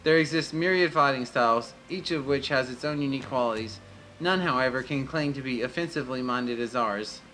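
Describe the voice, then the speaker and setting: A man's voice: mid-range voice, brisk, sharp tone, faint music behind, close to an everyday voice, poor audio. A man reading as a stern lance guildmaster. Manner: formal, archaic phrasing read aloud.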